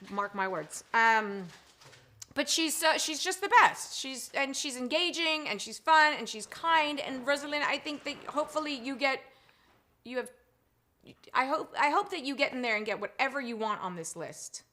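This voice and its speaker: A high, bright woman's voice hosts a live stream, gushing over her viewers as she reads their chat messages. She is middle-aged and talks in an effusive, rambling way, sprinkled with "um" and "you guys". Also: expressive, moderate pace. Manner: effusive and gushing, chatty with frequent 'um' and 'you guys'. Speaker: live-stream show host.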